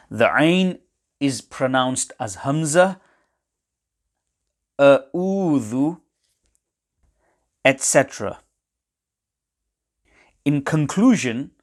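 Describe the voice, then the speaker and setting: A man teaching correct recitation, explaining pronunciation errors in a measured, precise way. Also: mid-range voice. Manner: measured and precise, pausing between phrases. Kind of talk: slow, deliberate instructional explanation.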